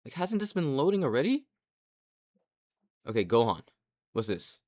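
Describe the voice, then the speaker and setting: A young man giving casual commentary, rambling and excitable, with frequent restarts and casual swearing. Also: mid-range voice, normal speed. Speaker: anime commentary creator.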